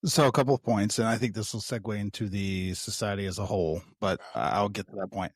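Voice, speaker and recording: Man, podcast co-host, casual rambling storyteller, swears now and then, lowish voice, dry close sound. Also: fast talker, no echo. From United States.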